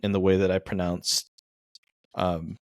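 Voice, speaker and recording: A man with a fairly low voice, recorded dry and close, chats on a movie podcast. He tells stories at his own expense in a loose, casual way. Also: level tone, unhurried, no echo. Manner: chatty, self-deprecating storyteller. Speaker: podcast co-host. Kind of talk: casual film review chat.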